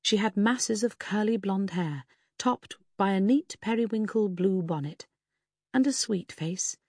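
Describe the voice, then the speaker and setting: A woman narrating a story in a measured way, voicing each character. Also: mid-range voice, a little mellow, no echo, studio quality. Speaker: audiobook narrator. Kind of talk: scripted narration.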